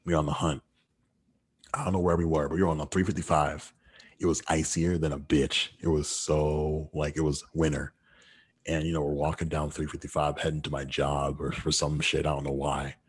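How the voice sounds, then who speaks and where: Very deep, husky-voiced man telling a story. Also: flat delivery, moderate pace. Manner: laid-back, profane, slangy storytelling. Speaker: podcast co-host. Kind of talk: casual storytelling chat.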